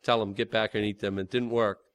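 Guy putting on a mopey impatient church guy, low and sulky. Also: little pitch movement, fast talker, a bit bright, clear, resonant tone. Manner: sulky, self-pitying. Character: whiny impatient churchgoer man, quick to give up.

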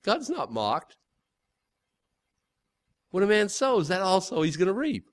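A man's voice: high voice, huge pitch swings, measured pace. A man preaching a sermon in an emphatic, conversational way, repeating his key points. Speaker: pastor.

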